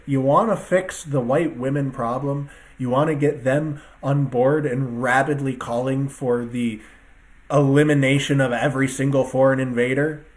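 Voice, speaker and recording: A man's voice: mid-range voice, normal speed. A man ranting to his viewers in a casual solo talk as an online commentator, emphatic, profane and rambling, speaking from his computer desk. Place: at a computer with two screens.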